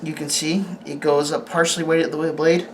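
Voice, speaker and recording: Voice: medium pitch, little pitch movement, a little hiss or hum. A host reviewing a sword on camera in a casual, rambling way, often restarting sentences and asking the camera operator questions. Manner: rambling, halting, with frequent restarts.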